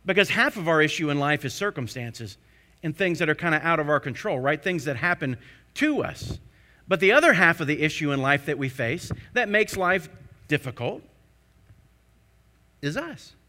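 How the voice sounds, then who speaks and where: A man preaching a sermon. He keeps asking the congregation rhetorical questions, building to emphatic peaks before dropping low again. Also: very animated, normal speed, sharp tone.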